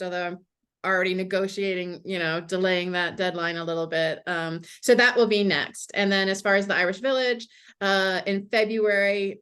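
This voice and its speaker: A woman's voice: mid-range voice, a bit bright, clear, resonant tone. An American woman, a mystery author, talking casually in an interview with many "you know" fillers. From United States. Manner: chatty, frequent "you know" fillers, laughs easily.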